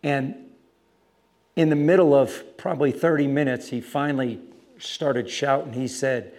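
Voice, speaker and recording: A man preaching, telling a story about street preaching with lively, animated delivery and acted-out voices. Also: medium pitch, a little slow. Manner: animated storytelling, acting out other voices loudly. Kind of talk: sermon with storytelling.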